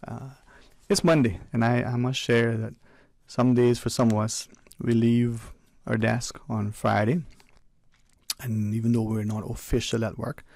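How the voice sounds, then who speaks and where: A man hosting a call-in radio show, his voice gravelly with fry. He chats in an easygoing way and often restarts his sentences. The studio sound is dry and close. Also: mid-range voice, level tone, a little slow, darkish tone, no room sound. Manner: easygoing, chatty, with frequent restarts. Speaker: radio talk show host. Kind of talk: casual call-in radio chat. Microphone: close studio mic.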